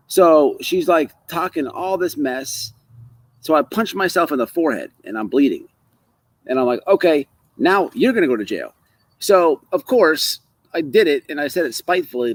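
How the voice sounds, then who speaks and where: A man telling a story in a casual live chat, halting and restarting his sentences. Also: fairly high pitch, low-quality recording. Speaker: co-host.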